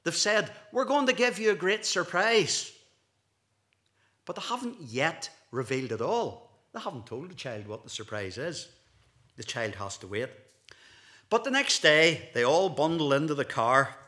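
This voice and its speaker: Scottish minister guy preaching, middle-aged, really animated up and down voice, does little voices for his stories. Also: medium pitch, moderate pace. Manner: animated storytelling, acting out voices in anecdotes. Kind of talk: sermon.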